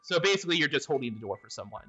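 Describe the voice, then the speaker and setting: A man's voice: mid-range voice, big pitch swings, racing, pushed and bright, slightly rough, faint music behind. A man running a tabletop game as game master, narrating with lots of hesitant fillers. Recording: dull lo-fi audio.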